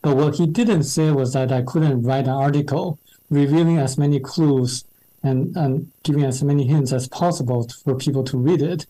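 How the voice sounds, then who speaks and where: Guy w/ chinese as first language, mellow darkish voice, lots of uhs and restarts, answering interview questions. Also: medium pitch, normal speed, rough recording. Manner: hesitant, many fillers and restarts. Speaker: guest, translator.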